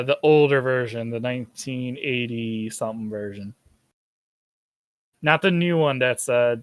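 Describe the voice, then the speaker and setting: This young man has a mid-range voice, and there's no room sound on the recording. Hosting a casual podcast chat, he rambles and swears in an animated way.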